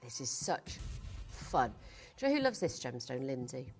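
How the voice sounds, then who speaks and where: A woman's voice: extremely low pitch, very animated, normal speed, faint music behind. A woman presenting jewellery on a live shopping channel, chatty and gushing as she sells. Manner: gushing, chatty sales patter.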